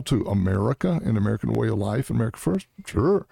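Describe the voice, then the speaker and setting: Brief: middle-aged male political guest, gravelly and dark-toned, blunt and emphatic. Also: lowish voice, very animated, quick pace, no room sound, studio quality. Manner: blunt, emphatic, punchy short commands. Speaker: Senate candidate guest. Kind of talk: political interview.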